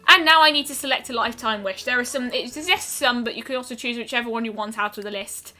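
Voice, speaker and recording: A woman talking her way through a game stream with a bright, slightly high voice. She muses aloud, often pausing on an "um" before finishing a thought, while soft game music plays behind her. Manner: chatty and musing, trailing off with frequent ums. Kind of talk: casual gameplay commentary.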